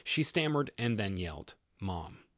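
Man, story narrator, matter-of-fact, husky, dry close sound. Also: on the low side, very animated, moderate pace, no room sound. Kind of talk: first-person story narration.

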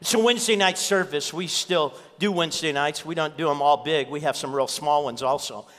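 A man's voice: fairly high pitch, normal speed, fairly bright tone, in a large hall. A man preaching a sermon as pastor, telling a story and repeating key lines for emphasis. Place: church.

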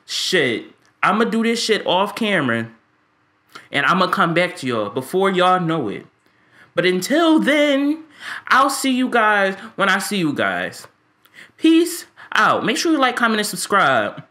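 A man's voice: high voice, big pitch swings, normal speed, pushed and bright. A man giving ranting, profane commentary on a game he is fed up with, stammering when frustrated. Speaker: gaming YouTuber.

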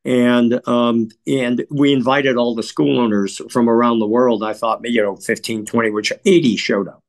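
A man from Chicago, a guest in an interview, telling stories in a measured, earnest way and often clearing his throat. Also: medium pitch, steady tone. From Chicago, USA. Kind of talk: reflective interview storytelling.

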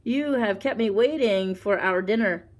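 A woman voicing a hungry, impatient male tiger who speaks in a loud, commanding way. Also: mid-range voice, fairly quick, close to an everyday voice. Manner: roaring, commanding.

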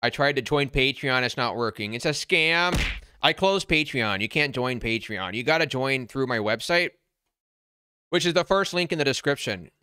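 A man hosting a casual livestream, answering viewer comments in a blunt, brash, half-yelling way while wearing headphones. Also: mid-range voice, expressive, normal speed, clear, resonant tone, dry recording. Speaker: crypto channel host. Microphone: wearing noise-canceling headphones.

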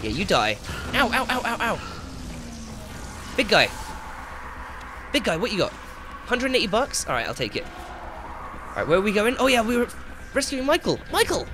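A man giving excitable let's play commentary, swearing and shouting at the game as he plays. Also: high voice, normal speed, pauses often. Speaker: gaming channel host. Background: game music and sound effects.

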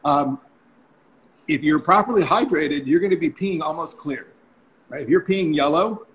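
A man's voice: on the high side, moderate pace, a bit bright, a little hiss or hum, rough recording. A man in his forties, a diving instructor telling stories in a casual, chatty way on a video call, often ending sentences with "right?". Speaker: freediving instructor and guest. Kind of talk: casual storytelling on a live stream. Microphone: phone or computer mic on a video call.

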